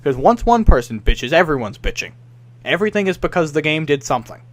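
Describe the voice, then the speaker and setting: A man's voice: on the high side, sing-song, fast. Ranting, foul-mouthed young man. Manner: frustrated, ranting, swears a lot, mimics others. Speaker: podcast co-host. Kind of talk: casual profane gaming podcast rant.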